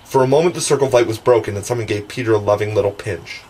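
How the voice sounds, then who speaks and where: A man's voice: lowish voice, rapid-fire, warm tone, breathy edge, poor audio. Man reading a storybook aloud. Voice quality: occasional restarts and stumbles. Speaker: audiobook narrator. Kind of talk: reading a classic children's novel aloud.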